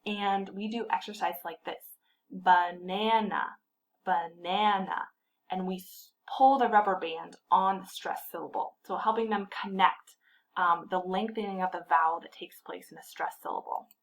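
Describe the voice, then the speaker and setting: Woman explaining a tutor tip, calm and clear, says example words slowly and carefully. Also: medium pitch, poor audio. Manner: clear, patient teacher modeling word stress slowly. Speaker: literacy tutor trainer.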